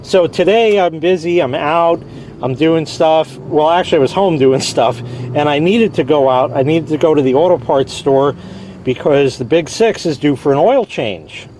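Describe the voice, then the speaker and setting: A man's voice: on the high side, moderate pace, darkish tone, slight background noise. A man casually vlogging outdoors beside his car, rambling wryly about a broken belt and swearing lightly. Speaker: car owner vlogging a repair. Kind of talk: casual vlog.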